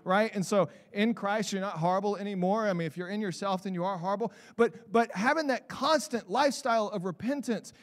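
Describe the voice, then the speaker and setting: A man preaching a sermon as pastor of his church, animated, building to shouts and putting on mock voices for examples. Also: high voice, fairly quick, hardly any pauses, big-room sound. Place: church sanctuary.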